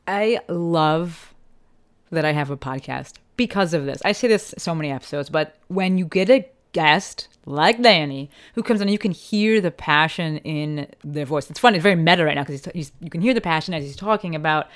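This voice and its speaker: A woman's voice: low voice, normal speed. A woman hosting a podcast and talking casually and earnestly, with the occasional swear word. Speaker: podcast host; physical therapist.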